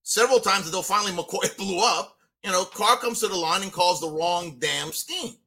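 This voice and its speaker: A man's voice: high voice, normal speed, pushed and bright. A man giving a fired-up, blunt rant on a casual sports podcast, leaning on "you know" a lot. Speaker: co-host giving a weekly rant.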